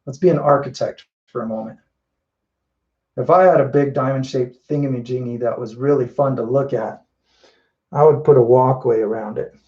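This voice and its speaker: A man demonstrating a painting live, thinking aloud in a relaxed way with frequent restarts and asides as he works. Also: mid-range voice, moderate pace, highs cut off. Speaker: painting instructor. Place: indoors at a painting wall.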